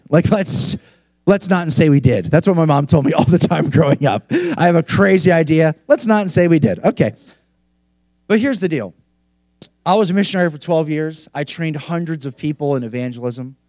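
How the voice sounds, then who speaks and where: A man delivers a sermon in a lively, conversational way, peppered with "like". His voice sits a bit high for a man. The sound is dry and close, with little room echo. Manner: energetic conversational preaching, frequent "like". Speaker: preacher.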